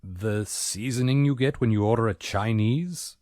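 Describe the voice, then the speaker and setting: A man's voice: medium pitch, moderate pace, a little mellow, dry recording, close to an everyday voice. An actor voicing a prim, formal male butler with dry, polite delivery. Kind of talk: video game voice acting.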